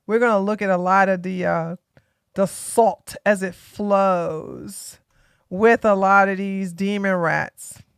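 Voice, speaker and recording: A woman's voice: mid-range voice, steady tone, slow pace, clear, resonant tone, no room sound, studio quality. A tired woman from Georgia, hosting a casual political live stream and talking bluntly to her chat. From Georgia, USA. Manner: blunt, sassy, talks straight to chat.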